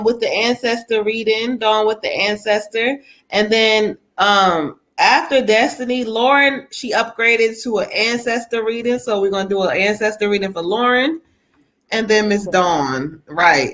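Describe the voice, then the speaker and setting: Chatty bright-voiced woman giving readings. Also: medium pitch. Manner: chatty, laughs often, relays spirit messages. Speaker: psychic reader hosting a live stream. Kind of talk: live tarot reading.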